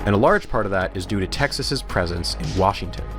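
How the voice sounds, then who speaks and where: A man narrating a history documentary from a script, measured storytelling with dry humor. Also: sits low, lively intonation. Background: music.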